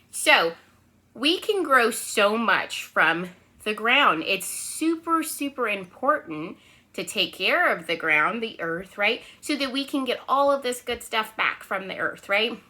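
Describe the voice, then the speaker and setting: Bright, sing-song preschool teacher woman. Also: on the high side. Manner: lively sing-song, constant "right?" check-ins. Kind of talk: remote lesson for young children.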